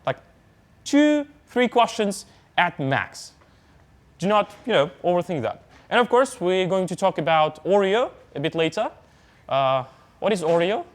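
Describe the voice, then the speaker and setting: A young man with an Uzbek accent teaching an English exam class in a relaxed, chatty way, full of fillers and asides. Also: high voice, a little slow. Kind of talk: classroom lecture on exam speaking.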